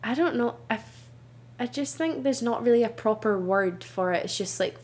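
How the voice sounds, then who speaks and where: A woman's voice: on the high side, normal speed, darkish tone. A young woman from Scotland with a Scottish accent, chatting casually as a guest, with lots of "like" and giggles. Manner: chatty, giggly, says "like" a lot. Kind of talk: casual chat.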